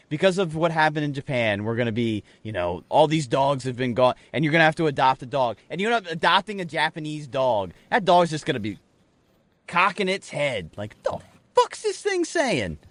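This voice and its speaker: A man co-hosting a podcast, rambling through animated, profane stories in casual banter. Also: fairly high pitch, dry recording. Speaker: podcast co-host.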